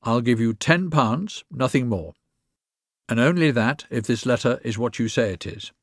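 A cool, methodical lawyer who speaks sternly and evenly, as read by a male narrator. The delivery is measured and controlled. The recording is dry and close. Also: mid-range voice, animated, no echo.

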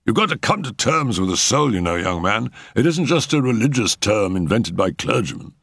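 A man voicing a calm, matter-of-fact older doctor who soothes a troubled patient, in a storybook reading. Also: on the low side, husky, no echo, clean studio sound, voice pushed up, full character voice. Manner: unhurried, wry, matter-of-fact. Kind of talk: audiobook character reading.

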